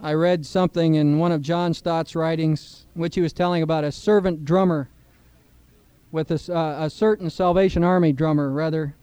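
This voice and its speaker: A man's voice: a little high, mellow, clear, resonant tone, no room sound. A middle-aged man preaching a sermon in church, earnest, with a rising emphasis on key points. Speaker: pastor.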